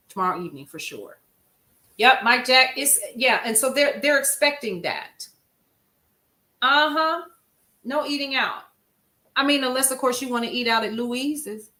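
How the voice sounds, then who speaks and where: A woman's voice: fairly high pitch, moderate pace, long pauses, pushed and bright. A woman hosting a casual news recap live stream, chatting with her viewers and answering their comments in an emphatic, conversational way. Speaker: livestream news show host.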